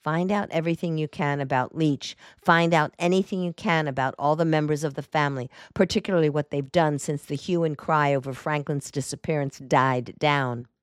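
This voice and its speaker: A woman voicing a confident male lawyer in an audiobook, speaking briskly and assuredly. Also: low-pitched, steady tone, clean tone, no room sound, studio quality, lightly acted.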